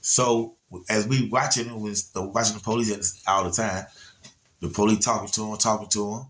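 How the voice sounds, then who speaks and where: A man, telling a story in a slightly low voice. He rambles in a laid-back way, circling back and checking in with his listeners. It is casual, unscripted storytelling. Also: fairly even intonation, moderate pace, fairly bright tone, slight background noise. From Atlanta area, USA. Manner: rambling, laid-back, frequent "you know what I'm saying".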